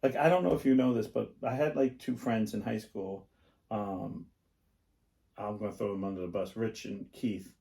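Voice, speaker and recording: A middle-aged podcast co-host with a fairly low, dark voice and vocal fry speaks at normal speed in a steady tone. He chats casually, rambling through stories packed with fillers.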